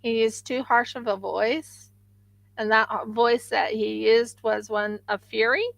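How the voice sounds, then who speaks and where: A woman's voice: on the high side, fairly even intonation, unhurried, vocal fry, a bit bright, no echo, poor audio. A woman hosting a craft livestream, chatting casually and rambling with frequent restarts.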